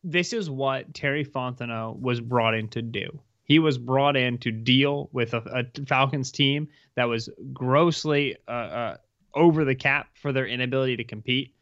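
A man's voice: medium pitch, normal speed, fairly bright tone, no room sound, muffled recording. A man co-hosting a casual sports podcast, hedging his points with lots of filler words. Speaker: podcast co-host.

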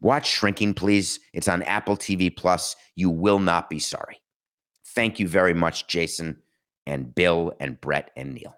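A man's voice: deep voice, a little slow, a bit bright. A man hosting his own podcast, talking emphatically in a solo monologue, full of sarcasm and rhetorical questions. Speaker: podcast host.

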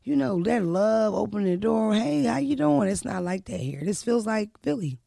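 A woman comedian from Philadelphia hosting her podcast, with loud, profane, animated banter. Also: mid-range voice, moderate pace, vocal fry, no room sound, clean studio sound. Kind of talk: casual podcast chat.

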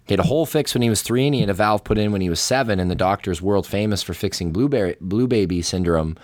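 A man's voice: on the low side, fast talker. A man, a podcast guest, telling stories in a casual, rambling way full of fillers. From Canada. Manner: rambling storyteller, heavy on fillers. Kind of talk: casual chat.

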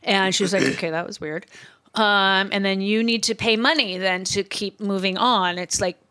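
A woman's voice: medium pitch, steady tone, moderate pace, sharp tone, clean tone. A woman talking casually with a friend, telling stories bluntly and emphatically. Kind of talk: casual chat.

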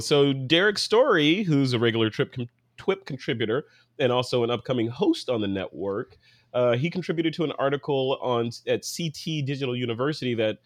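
A man's voice: mid-range voice, dry recording, clean studio sound. A man hosting a photography podcast in a casual, joking, chatty way. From California. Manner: chatty, joking, fast asides. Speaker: podcast host. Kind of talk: casual chat.

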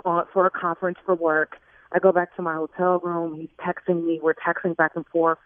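A woman's voice: on the low side, fairly quick, no echo. Chatty woman caller over a tinny phone. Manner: chatty, animated storytelling. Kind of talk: telling a personal story on a call-in show.

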